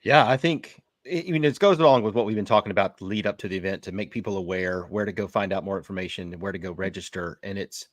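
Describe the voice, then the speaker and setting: A man's voice: low voice, fast talker, few pauses, no echo, studio quality. A man co-hosting a podcast, talking in a casual, rambling way with some restarts. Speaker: podcast co-host. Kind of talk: podcast conversation.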